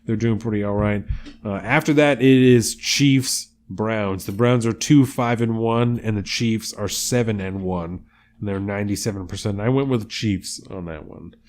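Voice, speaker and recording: A man with a somewhat low voice talks through his weekly football picks in a relaxed, casual podcast chat. He reads off odds and records and swears freely along the way. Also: normal speed. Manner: profane, laid-back, reads off picks and odds. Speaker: podcast co-host.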